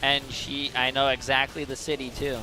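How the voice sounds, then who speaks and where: A man streaming as he watches an esports match, talking in casual banter with loud joking outbursts and teasing. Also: medium pitch, completely flat delivery, normal speed, music in the background.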